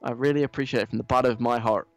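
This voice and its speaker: A man's voice: mid-range voice, fairly even intonation, rapid-fire, dry recording, faint music behind, lightly acted. A man putting on a whiny American influencer girl. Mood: whiny gushing. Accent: American (put on). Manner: whiny, gushing, self-pitying. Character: entitled whiny young woman influencer.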